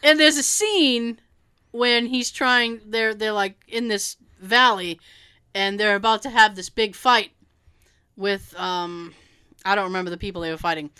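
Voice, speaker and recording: A woman co-hosting a casual movie chat, animated, laughing often and swearing casually. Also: medium pitch, measured pace, smooth, no room sound. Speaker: podcast co-host.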